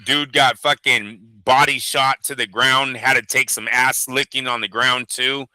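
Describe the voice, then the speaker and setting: A man's voice: medium pitch, steady tone, measured pace, pushed and bright, no room sound, low-quality recording. A man co-hosting a fight news show, giving blunt, opinionated takes with plenty of swearing. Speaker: boxing show co-host. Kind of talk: casual profane news chat.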